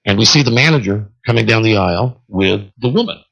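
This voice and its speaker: A male talk radio host telling a long story solo, animated and acting out the people in it, on a dull lo-fi radio broadcast. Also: fairly low pitch, fairly quick, gravelly, slight background noise.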